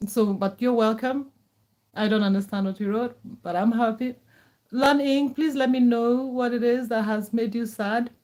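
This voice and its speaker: On a casual live stream, a middle-aged Kenyan woman responds to viewers' comments in a comforting way, saying things more than once. Her voice sits a little high with a darkish, steady tone at normal speed.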